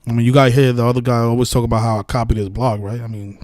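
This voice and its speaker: A man hosts a casual live stream and rants in a heated, profane, rambling way, often restarting his sentences. His voice sits in a middle pitch and sounds dry and close, with no room echo. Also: flat delivery, fast, darkish tone. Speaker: sports betting video host.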